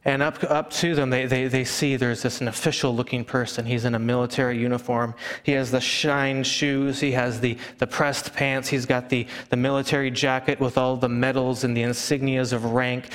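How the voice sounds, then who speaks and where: A man preaching a sermon, telling stories and acting out hushed family chatter. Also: mid-range voice, moderate pace, hardly any pauses. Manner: animated storyteller, acts out hushing relatives. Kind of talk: sermon with storytelling. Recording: long hall reverb.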